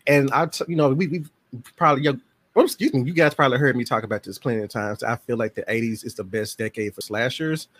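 A man in his forties chats as a guest on a podcast. His voice sits at an ordinary middle pitch, and he tells his stories loosely and playfully. He slips into the voices of the people in them as he goes. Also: fast talker, no echo. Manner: lively storyteller who acts out family members' voices. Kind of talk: casual chat.

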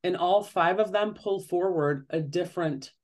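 A woman's voice: fairly low pitch, moderate pace, darkish tone. A woman, a parenting author, talking earnestly in an interview and often acting out the questions she describes. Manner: earnest, explanatory, often acts out quoted questions. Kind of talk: conversational interview.

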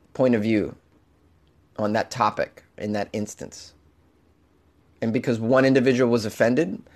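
A man hosting a solo comedy podcast, animated and over-caffeinated, swinging from loud jokes to muttered asides. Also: medium pitch. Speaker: podcast host.

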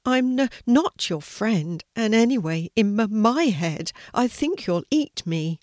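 A woman's voice: mid-range voice, animated, slow, a little mellow, no echo, studio quality. A woman voicing a timid male sea turtle who stammers and trembles with fear. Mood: frightened.

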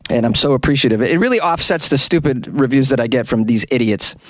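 A man hosting a comedy podcast from a small closet, reading listener reviews aloud in a playful, animated way. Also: mid-range voice, fast talker, dry recording. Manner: animated and playful, swooping up into silly yelps.

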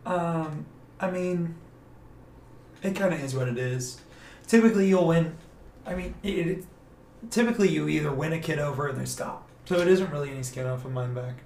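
Animated man telling a story in an echoey room. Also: on the high side, normal speed, pauses often. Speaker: guest, violin teacher. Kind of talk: casual storytelling in a podcast interview.

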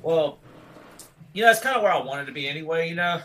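A man in his thirties spinning a long, loose story in easygoing casual chat. His voice sits a little higher than most men's. He rambles along, relaxed, dropping "dude" all the time. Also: fast, slight background noise, rough recording. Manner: rambling, laid-back, says "dude" a lot.

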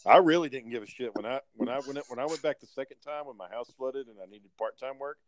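A man's voice: mid-range voice, quick pace. A man telling a blunt, profanity-laced story in casual chat.

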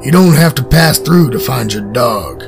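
A man voicing a menacing old hillbilly landowner who barks gruff orders, with a gravelly voice. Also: mid-range voice, expressive, moderate pace. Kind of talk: horror story reading. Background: music.

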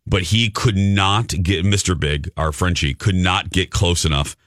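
A man's voice: sits low, steady tone, unhurried, a bit bright, no room sound. A man hosting a morning radio show, telling self-mocking stories in casual studio chat. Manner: chatty storyteller, self-mocking.

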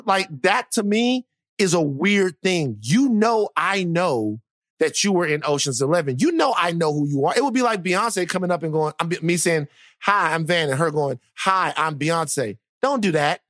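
A man co-hosting a podcast in casual chat, a teasing, animated storyteller who acts out what others said. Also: high-pitched, moderate pace, dry recording, studio quality. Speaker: podcast co-host.

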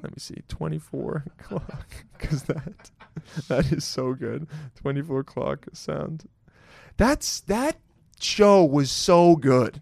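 A man's voice: a little high, animated, slow pace, creaky, darkish tone, dry recording. Rambling, profane male podcast host. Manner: loose, profane, jokey rambling with laughs. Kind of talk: casual solo podcast intro.

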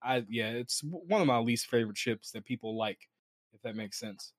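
A man's voice: medium pitch, moderate pace, no echo, studio quality. A man on a gaming podcast, giving blunt, opinionated takes in casual chat.

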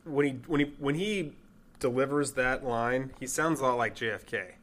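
A man's voice: mid-range voice, normal speed, a bit bright. A man co-hosting a podcast in casual chat, easygoing and joking. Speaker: podcast co-host.

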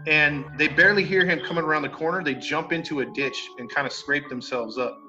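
Bright-voiced man telling a story. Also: on the high side, fairly quick. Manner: animated, acts out quoted neighbors, mild cursing. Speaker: podcast storyteller. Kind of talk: casual storytelling chat. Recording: dull lo-fi sound with faint music.

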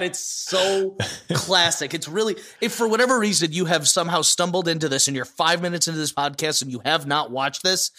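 This is a man co-hosting a podcast, talking in quick, excitable bursts and breaking into giggles. His voice sits a little high and sounds bright and forward, full of energy as he gushes and does little quotes. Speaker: podcast co-host. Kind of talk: casual chat.

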